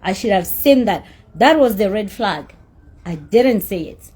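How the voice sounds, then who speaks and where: A woman's voice: mid-range voice, animated, a little slow, darkish tone, slightly rough. A woman telling a story about a dispute in an angry rant, heated and emphatic, with swearing. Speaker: celebrity recounting a dispute.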